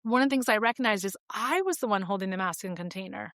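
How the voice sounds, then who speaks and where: A woman's voice: medium pitch, fast, fairly bright tone, no echo, studio quality. Reflective woman in her forties. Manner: reflective and open, with frequent fillers. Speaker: podcast guest. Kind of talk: candid conversational storytelling.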